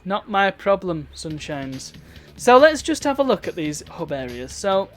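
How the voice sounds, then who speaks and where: A man's voice: high-pitched, big pitch swings, a little slow, fairly bright tone, soft background music. A man giving chatty, wry commentary while streaming a video game. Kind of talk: casual gameplay commentary.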